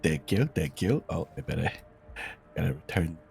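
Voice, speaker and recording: A man speaking in character in a roleplay game, laid-back and deadpan. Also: low voice, normal speed, vocal fry, faint music behind.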